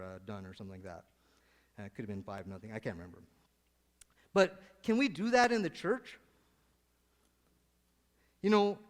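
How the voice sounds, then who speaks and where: A man giving a casual, joking sermon to his congregation, rambling and conversational. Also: mid-range voice. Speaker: lay preacher. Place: church sanctuary. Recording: long church hall reverb.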